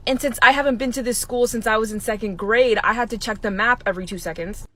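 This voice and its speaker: Young woman, high voice, lively storyteller acting out the people she quotes. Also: fast. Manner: animated, acting out what people said. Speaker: substitute teacher. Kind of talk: casual storytime.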